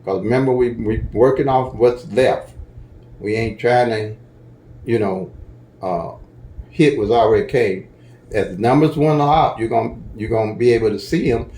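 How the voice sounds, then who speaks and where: Folksy aave-speaking guy walking you through lottery picks, mellow low tone, kinda echoey room, keeps saying okay?. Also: normal speed. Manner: folksy, chatty, repeats "okay?" to check in. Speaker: lottery strategy teacher. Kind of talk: casual tutorial walkthrough.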